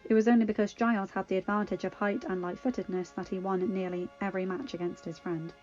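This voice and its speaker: A woman reading fanfiction aloud in a measured, expressive narration. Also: medium pitch. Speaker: fanfiction reader. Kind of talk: audiobook-style story reading. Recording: dull lo-fi recording. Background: faint music.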